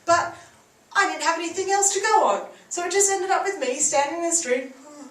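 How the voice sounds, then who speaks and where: A woman's voice: very high-pitched, fairly quick. A woman performing a stand-up comedy set on a theatre stage, chatty and giggling through her lines. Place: theatre stage before a live audience. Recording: echoey, distant live recording with noise.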